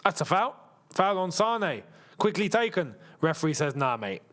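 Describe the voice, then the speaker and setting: Excitable football watchalong host. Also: male voice, high voice, moderate pace. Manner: excitable, laughs often, chatty asides. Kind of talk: live football watchalong commentary.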